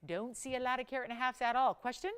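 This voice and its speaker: Smooth-voiced woman selling jewelry live. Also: fairly high pitch, fairly even intonation, quick pace, fairly bright tone. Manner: enthusiastic, chatty, talks to callers and crew. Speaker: shopping channel jewelry host. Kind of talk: live on-air sales pitch.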